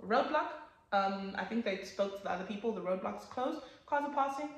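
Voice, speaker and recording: A young woman telling a casual storytime, animated and swearing, acting out what people said. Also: mid-range voice, fairly quick, roomy sound. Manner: animated, swears, acts out quotes with sudden loud jumps. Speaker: vlogger.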